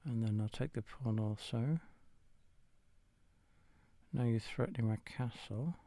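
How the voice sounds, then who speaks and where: A man's voice: mid-range voice, measured pace, dark tone, no room sound. Tired man muttering over chess. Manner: muttering, swearing and apologizing. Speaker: gamer playing chess against the computer. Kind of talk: casual commentary while playing.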